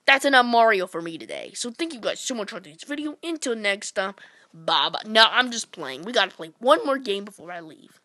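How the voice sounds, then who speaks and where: A woman giving goofy, playful commentary while playing retro games, jumping between whispers, squeals and shouts. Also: mid-range voice, very animated, brisk, no echo. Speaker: gameplay commentator. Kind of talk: casual let's-play commentary.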